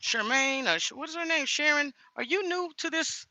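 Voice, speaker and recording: A woman's voice: sits high, expressive, moderate pace, pushed and bright, dry recording. Blunt woman ranting to camera. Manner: indignant, blunt, addresses viewers as y'all. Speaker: vlogger. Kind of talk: casual vlog talk to viewers.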